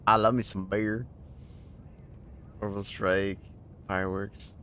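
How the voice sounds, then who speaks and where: A man chatting casually on a livestream, laughing often and thanking viewers excitedly. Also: on the low side, slow pace, slight background noise. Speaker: streamer.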